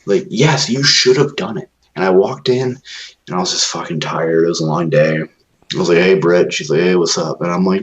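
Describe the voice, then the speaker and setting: A man's voice: low-pitched, moderate pace, highs cut off. A man co-hosting a podcast, telling long profane stories in casual chat and acting out what others said. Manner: profane rambling storytelling, acts out quoted voices. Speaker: podcast co-host.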